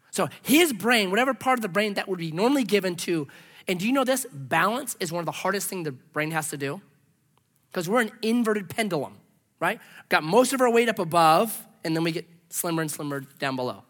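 A male pastor delivering a lively sermon, his high, bright voice leaping up and down as he acts out the people in his stories. He shifts from loud, excited outbursts to quiet, almost whispered asides. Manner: animated storytelling, acts out dialogue, swings from loud to hushed.

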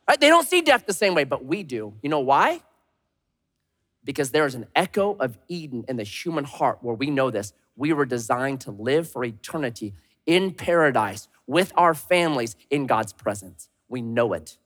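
A man in his thirties, a pastor giving a sermon, swinging between loud punchy lines and hushed slow emphasis. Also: mid-range voice, sing-song. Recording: long reverb of a large hall.

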